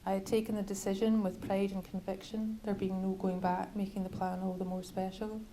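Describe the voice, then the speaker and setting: Woman author, measured bookshop reading, level even delivery. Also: mid-range voice, a little hiss or hum, rough recording. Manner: measured, literary reading with wry asides. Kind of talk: reading from her novel.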